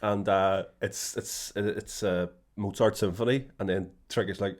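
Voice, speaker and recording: A man's voice: on the low side, measured pace, hardly any pauses. A man, co-hosting a podcast in casual chat, rambling and laughing while acting out quotes. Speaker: podcast co-host.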